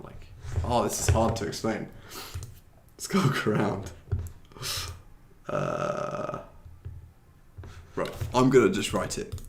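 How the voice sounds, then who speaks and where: British man, casual teacher, lowish voice, fumbles and restarts mid-sentence, roomy echoey recording. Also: gravelly, noisy background. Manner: chatty, searches for words with many restarts; laughs at himself. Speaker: English teacher. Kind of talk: casual language lesson. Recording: roomy echo.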